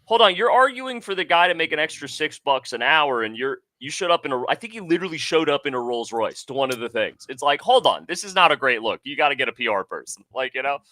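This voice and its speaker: A man in casual stream chat, animated and opinionated, laughing between points. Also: on the high side, quick pace, hardly any pauses, dry recording, clean studio sound. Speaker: co-host.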